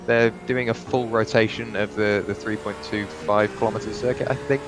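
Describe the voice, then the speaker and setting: A man's voice: fairly low pitch, fairly even intonation, moderate pace. A young man doing live sim racing commentary, chatty and rambling, with frequent restarts and asides.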